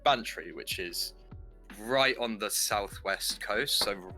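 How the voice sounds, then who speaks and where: Bright-voiced Irish-raised young man. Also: fairly low pitch, slow. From Ireland. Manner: animated, swearing, laughs often. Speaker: podcast co-host. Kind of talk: casual chat. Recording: faint lo-fi music behind.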